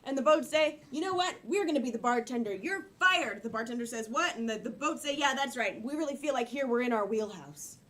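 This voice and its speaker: High-voiced woman telling improv jokes. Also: expressive, a little fast, few pauses, fairly bright tone. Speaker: improv performer. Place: comedy theater stage.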